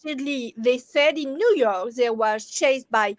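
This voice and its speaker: A French-accented woman from France, a native French speaker talking slowly and carefully as a guest in a casual chat. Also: sits high, no echo. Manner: slow, careful speech with French greetings.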